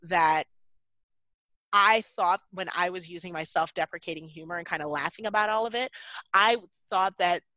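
Bright, animated woman guest. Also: fairly low pitch, moderate pace, no echo, rough recording. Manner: animated, self-deprecating, many fillers. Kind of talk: casual interview talk.

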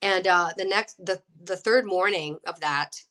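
Bright-voiced woman telling a lively story. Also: on the low side, a little slow. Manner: lively, acts out quoted voices, laughs often. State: getting over a cold. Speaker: guest, actress and UFO experiencer. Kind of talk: animated storytelling.

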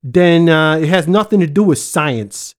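Man, casual comedy chat, deadpan, rambling, self-mocking, a little high-pitched. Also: unhurried.

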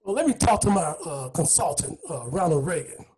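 A scheming devil, put on by a man at a podcast table, making a shady offer with a high, husky voice that swings all over. He keeps breaking into giggles between lines. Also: expressive, brisk, a little mellow. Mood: mocking.

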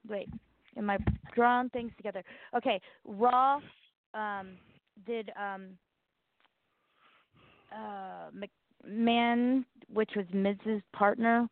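A woman's voice: fairly high pitch, no room sound. Blunt rambling Southern woman on a tinny line. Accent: Southern American. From Southern United States. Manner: rambling, blunt, self-mocking. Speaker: co-host. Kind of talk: casual chat. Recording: tinny phone-like line, dry.

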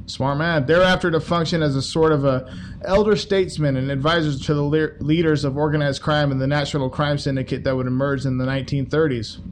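A man reads a history text aloud in a fairly high voice, stopping often for crude, laughing asides. A faint background hum sits under the recording. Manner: casual, swears, laughs at the text. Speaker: reader. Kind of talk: reading a book aloud with joking asides.

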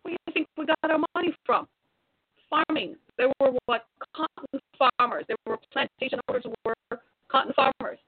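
This commentator is a woman with a high voice who keeps a moderate pace in a dry recording that sounds tinny, like a phone. Her monologue to viewers is impassioned and preachy, urging them on through rhetorical questions.

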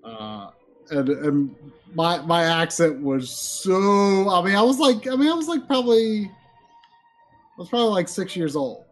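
A man's voice: high voice, sing-song, unhurried. A man with a faded Southern US accent chatting casually on a stream, often repeating words as he talks. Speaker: co-host.

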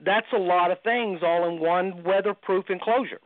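A man's voice: high-pitched, normal speed, no echo. A man, a guest who builds ghost-hunting gear, chatting casually and joking as he talks. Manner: relaxed, joking, rambling. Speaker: paranormal equipment builder, guest. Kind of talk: casual chat. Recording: tinny phone line.

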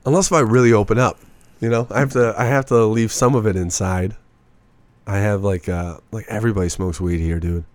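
A man's voice: on the low side, a little fast, no room sound. A man in his twenties telling rambling, profane stories in a casual podcast chat as a comedian guest. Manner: profane, rambling, animated storytelling.

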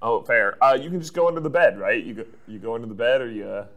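A man's voice: mid-range voice, a bit bright, muffled recording. A man co-hosting a podcast, recapping in casual chat with frequent laughs and fillers. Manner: chatty recapping, quick laughs, many fillers.

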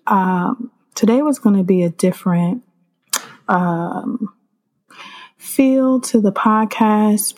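A woman's voice: lowish voice, darkish tone. Chatty woman podcast host. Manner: conversational, calls listeners "you guys" and "y'all". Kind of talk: casual chat.

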